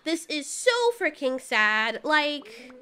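A woman commentating live as she plays a video game, reacting loudly and swearing at the game in exasperation. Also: high voice, slow pace, slight background noise. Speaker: gaming channel host.

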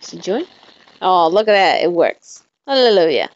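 A woman's voice: lowish voice, sing-song, normal speed, no room sound, muffled recording. A young woman live streaming a game, chatting casually with viewers, tired and yawning as she talks. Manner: chatty, greets viewers, yawns and laughs often.

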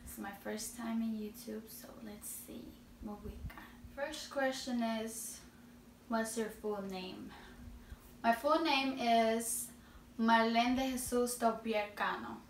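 An eighteen-year-old woman with a Spanish accent, chatting slowly and giggling through a casual Q&A. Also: on the high side. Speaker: vlogger answering questions. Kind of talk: casual Q&A chat. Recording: roomy echo, distant mic, faint noise.

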